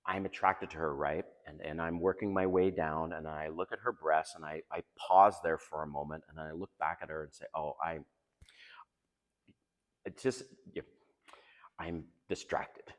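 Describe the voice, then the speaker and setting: A man's voice: extremely low pitch, steady tone, fairly quick, hardly any pauses, in a large hall. A man giving casual dating advice in a chatty, confiding way, laughing often. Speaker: dating coach.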